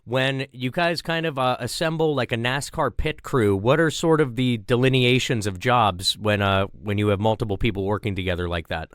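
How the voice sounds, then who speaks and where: Smooth-voiced man hosting an interview. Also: medium pitch, moderate pace, few pauses, fairly bright tone, no room sound, clean studio sound. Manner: friendly, rambling questions. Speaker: podcast host. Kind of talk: casual interview.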